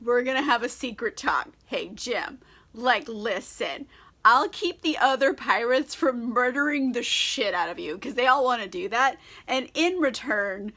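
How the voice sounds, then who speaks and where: Scheming pirate boss, a woman putting him on, slow hushed deal-making, cusses a lot, bright high voice. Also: expressive, heavily acted. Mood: conspiratorial. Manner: slow, hushed, conspiratorial bargaining with crude swearing. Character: scheming, self-serving male pirate leader.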